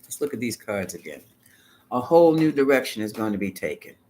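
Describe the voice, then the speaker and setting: Guy doing a live tarot reading, super lively up and down voice, sassy and chatty, drops to a whisper for asides. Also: on the low side, brisk. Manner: colloquial and sassy. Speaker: tarot reader.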